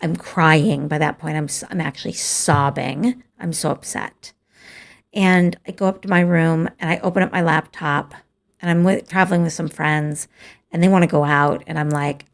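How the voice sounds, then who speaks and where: A woman's voice: low voice, fairly even intonation, unhurried, gravelly. A woman host telling a personal story in a candid, confessional way, with frequent hesitant restarts. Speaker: podcast host.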